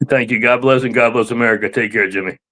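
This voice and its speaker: A man appearing as a guest on a talk show, easygoing and quick to laugh. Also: medium pitch, steady tone, sharp tone. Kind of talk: casual chat.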